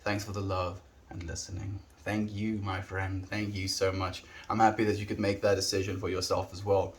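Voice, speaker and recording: A man livestreaming, chatting casually and warmly greeting viewers by name as he reads the chat. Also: lowish voice, steady tone, normal speed.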